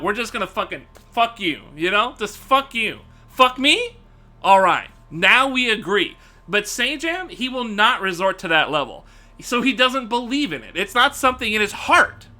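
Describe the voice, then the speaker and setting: Male streamer, high and very bright, animated profane rant to live chat. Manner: animated, profane, laughing often.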